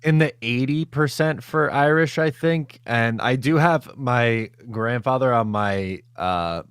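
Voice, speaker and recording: A man on a podcast panel, talking in a measured, casual way. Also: fairly low pitch, clear, resonant tone, no echo. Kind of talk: casual chat.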